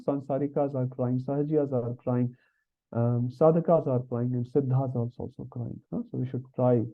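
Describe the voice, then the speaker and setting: A man teaches a scripture class online, talking casually and dropping in little tag questions. His voice sits at an ordinary middle pitch. It comes through thin and phone-like, as on a video call. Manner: conversational, frequent tag questions. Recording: tinny phone-like call audio.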